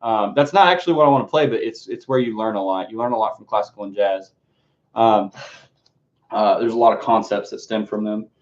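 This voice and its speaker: A man's voice: on the low side, a little fast. Casting: male streamer, casual rambling chat, freely profane, dull lo-fi audio. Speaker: streamer unboxing his music books.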